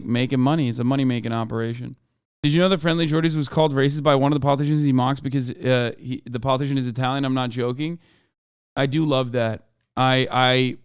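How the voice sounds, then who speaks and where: A man's voice: medium pitch, smooth, no echo, clean studio sound. A man hosting a live stream, reacting to political clips in casual, profane, slangy commentary. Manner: animated, profane, slangy, addresses chat as bro. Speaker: streamer host.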